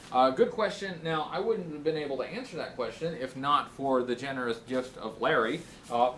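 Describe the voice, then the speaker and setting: Halting man answering viewer questions. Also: mid-range voice, fairly bright tone, a little hiss or hum. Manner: halting and thoughtful, with frequent pauses to think; reads viewer questions aloud, then answers them plainly. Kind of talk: casual Q&A vlog.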